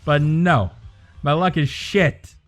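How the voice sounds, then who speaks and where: Rambling, cursing male streamer, slightly high. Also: takes it slowly, faint music behind. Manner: rambling, swears freely, ranting and joking. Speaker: livestreamer. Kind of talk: casual livestream chat.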